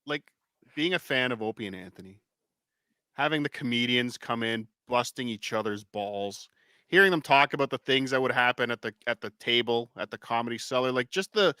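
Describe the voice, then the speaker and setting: A man's voice: medium pitch, a little fast, bright, forceful tone, clear, resonant tone, no echo, studio quality. A man co-hosting a casual podcast, sardonic and exasperated in his jabs. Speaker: podcast co-host. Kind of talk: casual call-in show banter.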